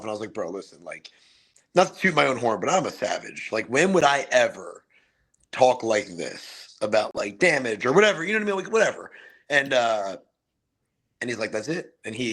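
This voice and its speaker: A man's voice: medium pitch, fairly bright tone. A man, a retiring fighter, talking casually as a podcast guest, rambling with lots of fillers. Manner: rambling, many fillers like "you know what I mean". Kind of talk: casual interview storytelling.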